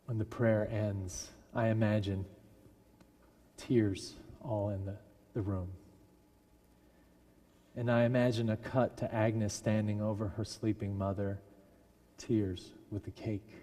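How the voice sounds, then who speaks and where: A man preaching a sermon as a minister, telling a story with lively delivery and briefly acting out the people in it. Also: lowish voice, slow pace, pauses often. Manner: animated storyteller who acts out quoted voices. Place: large church sanctuary. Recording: long church reverb. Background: congregation laughing.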